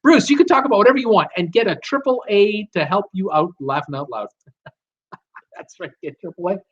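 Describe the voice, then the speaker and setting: Man, middle-aged, live-stream host, reads viewer chat, lots of uhs and restarts, slightly high voice, muffled audio. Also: moderate pace. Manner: reads out viewer comments and replies with fillers and restarts.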